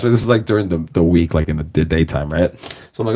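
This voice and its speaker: A man's voice: low-pitched, quick pace, mellow. A man from Los Angeles hosting a reaction video, chatting casually in a rambling way, packing his talk with fillers and laughing often. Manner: rambling, fills every phrase with "like", laughs often. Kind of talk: casual chat.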